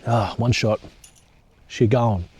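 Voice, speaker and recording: A man's voice: lowish voice, steady tone, slow, a little mellow, a little hiss or hum. A young man chatting casually to camera at a bush campsite, joking and swearing now and then as he films his overnight hike. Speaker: hiking vlogger. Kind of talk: casual solo vlog to camera.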